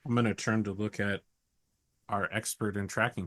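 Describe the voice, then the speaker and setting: A man's voice: fairly low pitch, steady tone, normal speed, a bit bright, no echo. A man playing a tabletop game, tossing in playful jokes between moves. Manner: joking, playful asides. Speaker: player.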